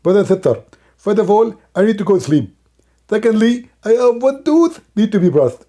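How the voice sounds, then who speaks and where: A man's voice: high voice, big pitch swings, moderate pace, mellow, pitched above the performer's own voice. A man voicing a pompous male preacher who answers callers' questions in a grandly solemn, mock-learned way.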